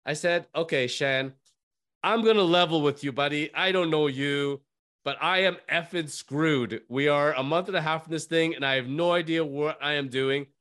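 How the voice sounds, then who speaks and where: Guy hosting a podcast, animated storyteller, kinda high voice. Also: moderate pace. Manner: animated, acts out voices in his stories. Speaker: podcast host. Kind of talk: storytelling chat.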